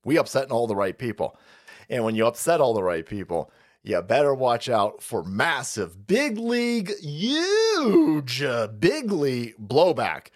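A man hosting a livestream, ranting about politics in a profane, animated way with frequent laughter. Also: mid-range voice, moderate pace. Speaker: livestream host.

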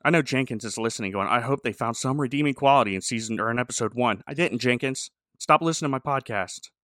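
A man's voice: mid-range voice, fast talker, no room sound, studio quality. A man, a podcast co-host and pastor, chatting casually about a show and acting out the characters' lines as he retells scenes. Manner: animated, voices characters in quoted dialogue. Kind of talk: casual review chat.

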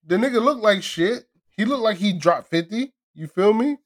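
A man hosting a casual chat with a friend, talking loud, profane and animated, often laughing. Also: high-pitched, moderate pace. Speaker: podcast host.

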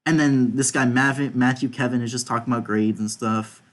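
A man's voice: mid-range voice, steady tone, normal speed. A young man hosting a podcast, casually reading out group chat messages and swearing now and then. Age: young adult. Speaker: podcast host.

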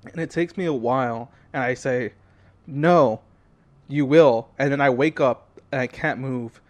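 A young man co-hosting a podcast, telling a story in a loose, animated way with lots of fillers. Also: mid-range voice, moderate pace. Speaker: podcast co-host. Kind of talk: casual chat.

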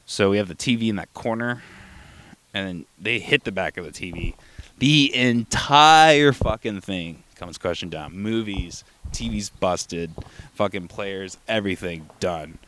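A man's voice: lowish voice, measured pace, a bit bright. A young man hosting a casual solo podcast, rambling and swearing freely while coming down with a cold. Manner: profane, rambling, with frequent restarts and fillers. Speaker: podcast host.

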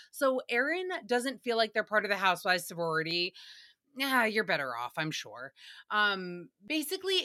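Bright, sassy woman podcaster. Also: fairly high pitch. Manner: sassy, swears, laughs often, acts out quotes. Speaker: podcast host. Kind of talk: casual solo recap chat.

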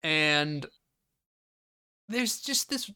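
A man with a slightly high voice rattles through a film plot on a casual podcast. He swears freely and jumps between details with animated energy. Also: drawn-out words, smooth, no room sound, studio quality. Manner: profane, animated scene-by-scene retelling. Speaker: podcast host.

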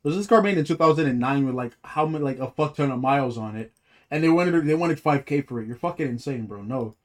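A man's voice: medium pitch, fast talker. A man co-hosting a podcast, exasperated and mocking, swearing a lot in casual banter. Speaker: podcast co-host.

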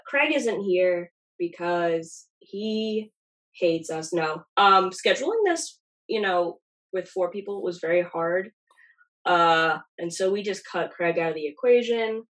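A woman's voice: fairly low pitch, fairly bright tone, poor audio. A young woman with a nasal voice, hosting a podcast in rambling, self-deprecating casual chat. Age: young adult. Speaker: podcast host.

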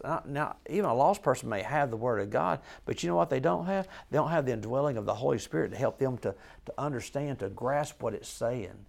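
Gravelly man teaching a Bible study. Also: mid-range voice, darkish tone. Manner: conversational, asks the group questions, frequent restarts; earnest and emphatic. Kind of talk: informal Bible teaching to a small group.

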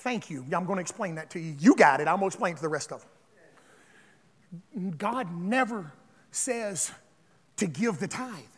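A man preaching a sermon as pastor, calling on the congregation to respond and building up to shouts. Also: sits high, lively intonation, moderate pace, pauses often, slightly rough, in a large hall.

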